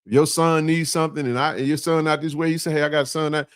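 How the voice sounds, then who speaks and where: A man's voice: fairly high pitch, flat delivery, fast, clear, resonant tone, dry recording, clean studio sound. A man hosting a casual sports chat, talking emphatically and repeating himself in playful trash talk.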